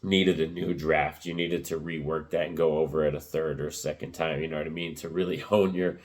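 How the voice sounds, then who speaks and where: A man giving a casual spoken movie review, rambling with lots of fillers, his voice cracking and rough. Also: a bass voice, little pitch movement, fairly quick.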